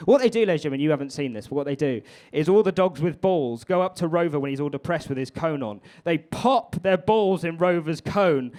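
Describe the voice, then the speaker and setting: A man in his 20s performs stand-up with crowd work on a comedy club stage before a live audience. His voice is a little high and darkish, expressive and a little fast with few pauses, and his chatty, rambling set is full of swearing.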